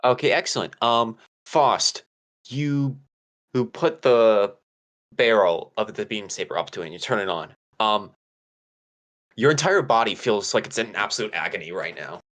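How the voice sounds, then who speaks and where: A man's voice: fairly low pitch, moderate pace. Man running a tabletop game. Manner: relaxed, hesitant, with filler words. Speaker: game master.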